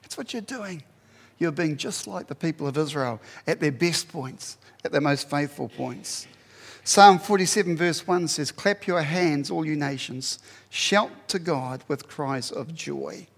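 Animated New preacher with a gravelly voice. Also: male voice, on the high side, a little slow, long reverb tail. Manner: animated, swings from loud emphasis to quiet asides. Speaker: pastor. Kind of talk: sermon.

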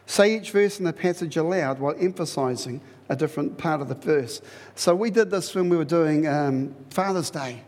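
A man preaching a sermon in a lively, conversational way, repeating phrases for emphasis. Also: fairly high pitch, normal speed, long reverb tail. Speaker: pastor.

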